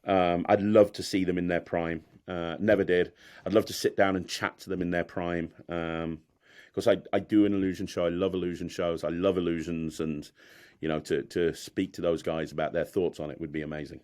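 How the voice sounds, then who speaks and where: A man's voice: low-pitched, level tone, brisk, darkish tone. A man, a magician, chatting candidly in an interview, rambling and self-deprecating with frequent laughs. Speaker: magician guest. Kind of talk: candid casual interview chat.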